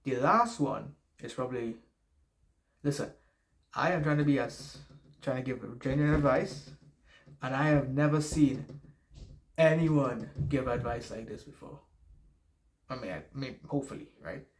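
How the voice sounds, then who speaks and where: A man's voice: mid-range voice, unhurried, long pauses. Male YouTuber, noticeable accent, casual rambling advice monologue with frequent restarts and swearing. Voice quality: noticeable non-native accent. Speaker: YouTuber giving life advice.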